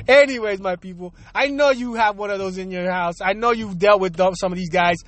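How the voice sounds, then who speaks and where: A man's voice: sits high, normal speed, fairly bright tone, dry recording. A middle-aged man ranting to his viewers, swearing often and firing off rhetorical questions in a heated, profane monologue. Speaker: vlogger.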